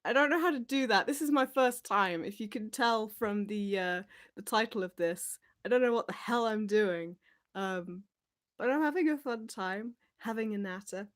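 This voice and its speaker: A woman's voice: mid-range voice, moderate pace. Rambling, giggly woman livestreaming. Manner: chatty and rambling, giggly, lots of fillers. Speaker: teacher livestreaming to viewers. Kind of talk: casual livestream chat, reading out comments.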